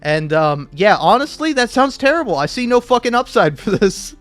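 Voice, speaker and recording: A man's voice: sits high, very animated, normal speed, a bit bright. A drunk young man ranting about a game, profane, rambling and combative. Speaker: gaming video creator.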